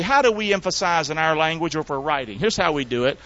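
A man preaching a sermon in a folksy, call-and-response style, swinging between loud emphatic shouts and low hushed tones. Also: big pitch swings, quick pace, hardly any pauses, no echo. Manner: folksy, colloquial delivery. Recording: dull, dry, lo-fi recording.

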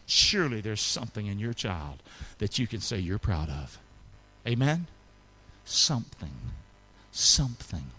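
A middle-aged male pastor preaching a sermon to his congregation, calling for responses and swinging between loud peaks and soft asides. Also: on the low side, very animated, unhurried, breathy edge. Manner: call-and-response preaching, rising to shouts then dropping soft. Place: church sanctuary with congregation.

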